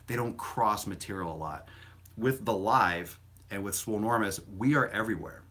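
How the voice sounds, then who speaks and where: A man with a low, deep voice chats loosely on a fitness live stream. He rambles from point to point and answers viewer questions bluntly, with the odd curse thrown in. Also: normal speed, sharp tone. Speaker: fitness livestream host. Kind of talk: casual live-stream chat.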